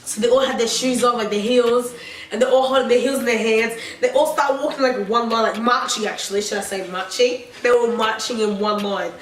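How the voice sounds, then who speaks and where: A woman's voice: on the high side, fairly even intonation, a little fast. A young woman vlogger telling a rambling, profane story in a casual storytime, full of fillers. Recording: echoey room, far from mic, faint noise.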